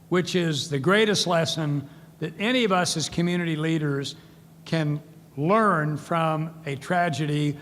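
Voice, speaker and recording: A man's voice: on the high side, a bit bright, slight background noise. An older man giving a speech as keynote speaker, telling stories and acting out the voices of people he quotes. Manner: storytelling, acts out quoted voices. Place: large event hall. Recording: long hall reverb, faint ambience.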